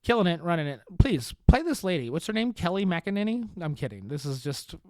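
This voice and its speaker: A deadpan man riffs alone on his podcast. His voice sits a little high, with coarse language and short laughs at his own jokes. The sound is close and dry, with no room echo. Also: fairly quick. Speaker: podcast host. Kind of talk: sarcastic comedic monologue.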